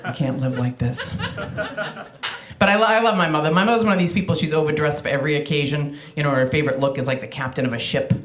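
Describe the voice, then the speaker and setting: A woman from Massachusetts doing a chatty, self-deprecating stand-up set, full of quick asides and restarts. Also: low voice, fairly even intonation. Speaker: stand-up comedian. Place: comedy club stage with live audience. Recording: roomy club sound with crowd laughter. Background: audience laughter.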